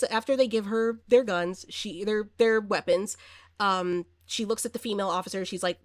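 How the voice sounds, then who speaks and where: A woman recaps a horror movie plot in a loose, chatty way, full of fillers and little acted-out bits of dialogue. Her pitch sits in a middling range. The sound is dry and close, with no room echo. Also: normal speed. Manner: chatty and animated, acts out quoted lines, many fillers. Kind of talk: casual spoken movie recap.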